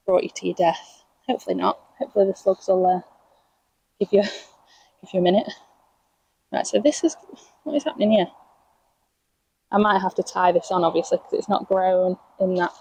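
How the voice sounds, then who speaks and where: The audio is poor, picked up by a camera mic outdoors as a young English vlogger moves around her allotment planting. In a medium-pitched, mellow, slightly rough voice, she chats casually, addresses her plants, and laughs at herself.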